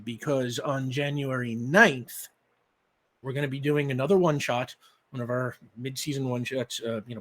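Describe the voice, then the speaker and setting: A man running a live-streamed tabletop game as its game master, moving from excited announcements into scene-setting narration. He speaks at a middling pitch, energetic and quick, with frequent ums and uhs.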